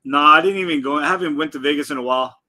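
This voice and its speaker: A man's voice: fairly high pitch, racing, bright, forceful tone. A man talking as a guest on a livestream chat, laid-back and rambling, full of ums and giggles.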